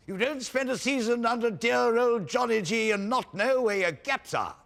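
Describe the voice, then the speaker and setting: Casting: a vain camp stage veteran in a dame role, very high, sharp and gravelly. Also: male voice, normal speed, heavily acted. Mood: hammy. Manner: theatrical, pompous, speaks stage directions aloud. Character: camp veteran male actor playing a panto dame. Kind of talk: TV comedy drama acting.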